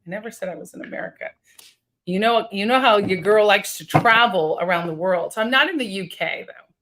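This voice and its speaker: A woman's voice: mid-range voice, fairly quick, fairly bright tone. A woman in her thirties hosting a casual livestream from her home office, chatting with viewers and reading out their comments. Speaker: livestream host. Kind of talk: casual live-stream chat with viewers. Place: home office with high ceilings and skylights.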